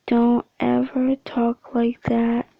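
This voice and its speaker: A woman voicing a gentle male dog who comforts softly, in a whispered role-play. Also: a little high, completely flat delivery, slow, vocal fry, no room sound, highs cut off, exaggerated voice. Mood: comforting. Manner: soft, reassuring.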